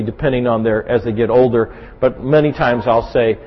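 A man's voice: mid-range voice, brisk. A man preaching a sermon in an earnest way, often checking in with his listeners. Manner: earnest, with frequent "right?" check-ins. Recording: muffled, lo-fi recording in a reverberant hall.

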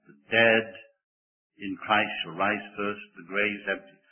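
An older man preaching a sermon in a church, moving between loud, emphatic declaiming and quiet, joking asides to the congregation. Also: lowish voice, fairly even intonation, takes it slowly. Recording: tinny phone-like sermon recording.

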